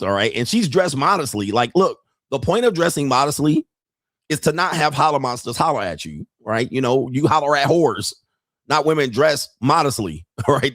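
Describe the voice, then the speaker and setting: A man's voice: on the high side, a bit bright, no room sound, clean studio sound. A man streaming reaction commentary on street pickup videos, blunt and profane, laughing often as he mocks what he watches, speaking.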